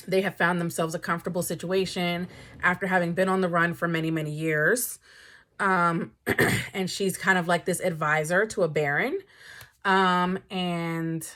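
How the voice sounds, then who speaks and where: A young woman chatting casually about books, dramatic and animated, swinging from low mumbles to high exclamations. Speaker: book vlogger. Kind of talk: casual chat.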